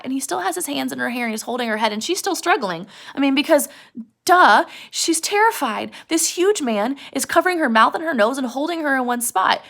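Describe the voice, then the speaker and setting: Teacher, female, gravelly voice, pitched a little high, chatty classroom retelling of a chapter with acted-out dialogue. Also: expressive, a little fast, fairly bright tone. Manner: casual, chatty retelling that acts out lines of dialogue. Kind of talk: retelling a novel chapter to students.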